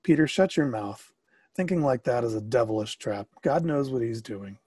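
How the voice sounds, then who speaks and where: A man voicing a calm, firm adult male spiritual teacher in a storybook reading, gentle but commanding. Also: mid-range voice, normal speed, slightly rough, no room sound, studio quality. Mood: stern. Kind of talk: storybook narration.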